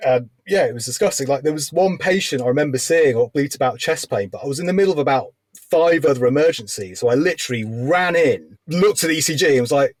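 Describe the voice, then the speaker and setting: A man, a radiologist guest on a podcast, telling animated stories and laughing often. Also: on the high side, quick pace, no echo. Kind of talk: casual chat.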